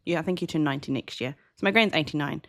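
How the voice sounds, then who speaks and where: A woman's voice: deep voice, rapid-fire, fairly bright tone. A woman co-hosting a café podcast in a casual chat, playful and fond of light jokes. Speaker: podcast co-host.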